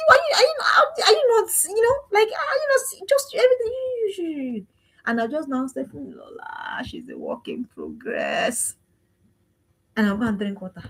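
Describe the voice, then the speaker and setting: A woman's voice: fairly high pitch, husky. A woman giving an emphatic, preachy parenting talk with lots of repetition. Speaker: parenting coach.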